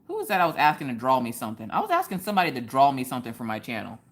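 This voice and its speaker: A woman's voice: extremely low pitch, sing-song, very fast. A woman hosting a casual craft live stream, joking around and answering viewers in the chat by name.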